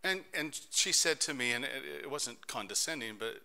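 A middle-aged man preaching a sermon as pastor, telling stories in an animated way that swings between soft and loud. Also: mid-range voice, moderate pace.

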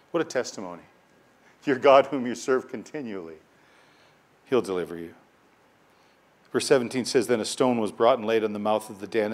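A male pastor reads scripture aloud during a sermon, hitting key words with swells of force and often repeating himself as he builds a point. His voice is mid-range.

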